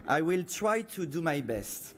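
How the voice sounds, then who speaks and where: A man with a French accent giving a prepared conference presentation as a panelist, measured and dotted with "uh" fillers. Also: on the high side, very animated, a bit bright, a little hiss or hum. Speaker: panelist from a media regulator.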